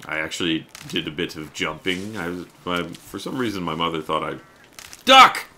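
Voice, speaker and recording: A man's voice: sits low, a little fast, sharp tone. A man streaming a game, chatting casually and playfully while reading chat aloud. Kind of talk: casual live-stream commentary.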